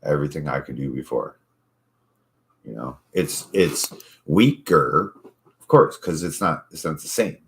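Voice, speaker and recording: Very deep-voiced man telling rambling stories. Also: lively intonation, unhurried, pauses often. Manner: profane, rambling storyteller. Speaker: podcast host. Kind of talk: casual chat.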